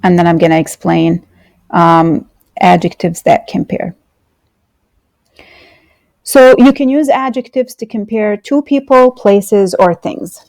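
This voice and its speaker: A woman's voice: medium pitch, slow pace, gravelly, pauses often, a little mellow, no echo. A woman teaching an online grammar lesson, explaining patiently with fillers and repeated examples while sharing her screen. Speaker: English teacher.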